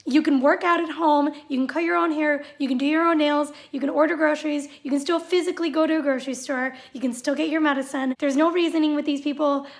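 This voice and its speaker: A woman's voice: high-pitched, steady tone, fast talker, gravelly, few pauses. Sarcastic ranting woman vlogger. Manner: sarcastic, exasperated. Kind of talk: ranting vlog monologue.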